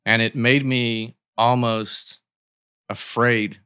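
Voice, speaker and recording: A man's voice: medium pitch, level tone, takes it slowly, sharp tone, smooth. A man as a podcast guest, telling a long personal story in casual conversation, with many likes and restarts.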